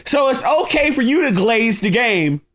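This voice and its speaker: Man, high-pitched voice, heated livestream rant, mocking, slangy, combative. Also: expressive, normal speed, fairly bright tone. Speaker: livestream host.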